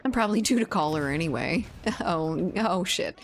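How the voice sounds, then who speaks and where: A woman's voice: fairly low pitch, expressive, normal speed. A young woman streaming a game, chatting candidly with her chat, joking and laughing often. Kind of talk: casual stream chat while gaming.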